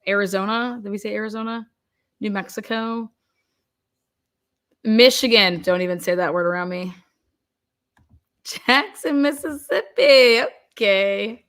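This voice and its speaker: Woman, young adult, livestream host, casual chatty delivery, quick reactions. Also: medium pitch, a bit bright. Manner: chatty, reads out viewer locations with quick reactions.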